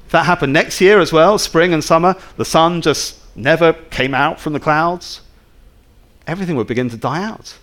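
A man's voice: fairly high pitch, normal speed, a bit bright. A man preaching a sermon in a conversational way, full of rhetorical questions to his listeners.

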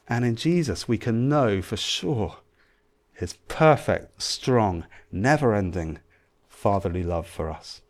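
A man's voice: on the low side, slow pace. A man, preaching a sermon to his church and acting out voices as he goes. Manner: animated, acts out shouting and cheering voices. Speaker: pastor.

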